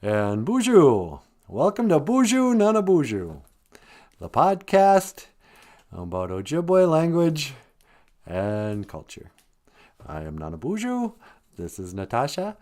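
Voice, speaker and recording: A man's voice: fairly high pitch, wildly swooping pitch, slow pace, mellow. A man hosting a casual podcast, musing aloud and repeating words so listeners can learn them. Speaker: podcast host. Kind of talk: casual podcast chat teaching language words.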